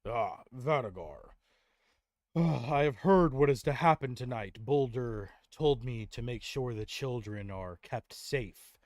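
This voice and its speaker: A man voicing a huge, gruff male guardian who speaks slowly and formally in a tabletop game. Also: medium pitch, expressive, darkish tone, no room sound, studio quality, close to an everyday voice. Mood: grave. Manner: slow, measured, formal.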